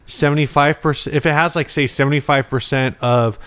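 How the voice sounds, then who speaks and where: A man's voice: fairly high pitch, steady tone, brisk, fairly bright tone, smooth. A man co-hosting a casual podcast chat, rambling and hesitant, often breaking into laughter. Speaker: podcast co-host.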